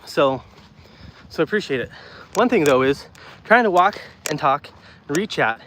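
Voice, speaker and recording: Out of breath on an outdoor walk, a streamer reads live comments and chats with viewers in a loose, repetitive way, using only his phone's mic rather than an external one. The man's voice is on the high side and a bit bright, with lively intonation and a slightly slow pace. Slight background noise can be heard.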